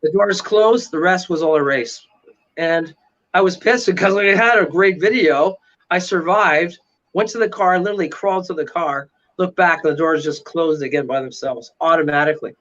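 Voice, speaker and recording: A man's voice: a little high, moderate pace, a bit bright. A man, a paranormal investigator, telling a story dramatically as a guest and acting out the voices and sounds in it. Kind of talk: animated storytelling. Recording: dull lo-fi audio.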